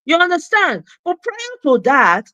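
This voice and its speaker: A woman's voice: extremely high pitch, wildly swooping pitch, a little slow, sharp tone, no echo. Fired-up Nigerian woman ranting. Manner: passionate ranting, mixing Nigerian Pidgin into English. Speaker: host. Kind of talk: live political commentary show.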